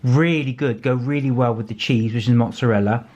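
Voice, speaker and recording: A man's voice: mid-range voice, fairly quick, darkish tone. A man casually describing his food while eating at home. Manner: easygoing, describing food as he eats. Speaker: vlog co-host. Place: home dining room.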